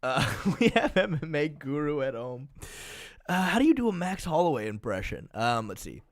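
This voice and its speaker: A man's voice: on the high side, very animated, normal speed. A man doing casual, joking commentary as an MMA content creator, thinking aloud.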